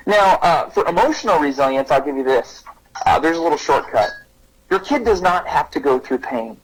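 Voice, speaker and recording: Husky, animated man telling stories. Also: rough recording. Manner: animated, pitches up to act out quotes. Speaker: guest speaker on parenting and resilience. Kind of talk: conversational podcast storytelling.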